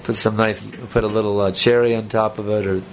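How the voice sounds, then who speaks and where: Male speaker, gravelly, mid pitch, casual joking sermon style, faint hiss behind. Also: level tone, a little fast. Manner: conversational, rambling, joking asides. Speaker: spiritual teacher. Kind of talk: sermon with audience banter.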